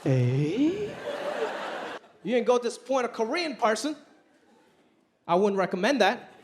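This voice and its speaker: A high-voiced man in his thirties works a stand-up set into a handheld mic, animated and quick to slip into exaggerated voices for his family. The live show is recorded with plenty of audience noise underneath. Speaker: stand-up comedian. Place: large theater stage with live audience.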